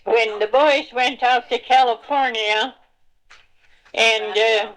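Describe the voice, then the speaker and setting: An older woman reminiscing in a home recording, unhurried and searching for words with many pauses as she explains old songs with homely humor. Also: a little high, fairly even intonation, a bit bright, poor audio.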